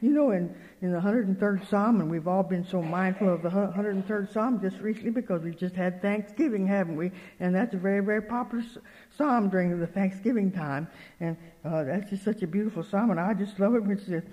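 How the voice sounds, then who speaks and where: A woman's voice: mid-range voice, brisk, dull audio. An older woman giving a folksy sermon, telling stories and acting out both sides of conversations with earnest emphasis. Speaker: speaker at a religious meeting. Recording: long reverb of a hall.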